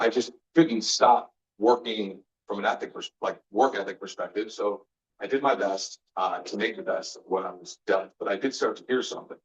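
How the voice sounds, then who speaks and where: This guest speaker, a man with a lowish and somewhat bright voice, earnestly tells personal stories in a faith-based motivational talk, acting out the dialogue. The sound is roomy, distant and dull.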